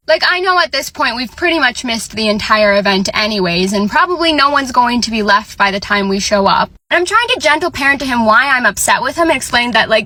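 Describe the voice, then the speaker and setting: A woman's voice: sits high, dry recording. A young woman in her twenties, chatting animatedly as she tells a personal story, with lots of "like" fillers. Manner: chatty and animated, heavy use of "like". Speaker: vlogger. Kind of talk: casual storytelling.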